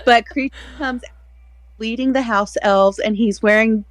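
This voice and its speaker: A woman's voice: fairly high pitch, steady tone, a little slow, no room sound. A woman co-hosting a book podcast, talking in a casual, rambling way and laughing often. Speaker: podcast co-host. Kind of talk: casual chat.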